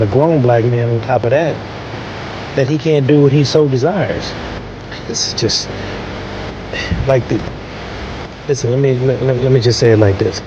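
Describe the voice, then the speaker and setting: A man giving an exasperated political reaction monologue, ranting and repeating himself. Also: lowish voice. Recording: dull lo-fi audio with music underneath.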